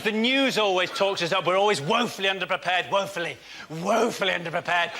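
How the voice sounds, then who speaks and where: Comic panellist, man, very high voice, heavy hiss under the studio sound. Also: brisk, over a noisy crowd. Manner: animated, mock-panicked voices in quotes. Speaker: comedy panellist. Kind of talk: stand-up style topical rant.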